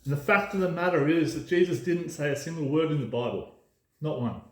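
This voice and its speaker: A man's voice: a little high, brisk. Emphatic, ranting man in a roomy echo. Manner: emphatic, ranting, swears freely. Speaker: podcast host. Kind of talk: casual monologue.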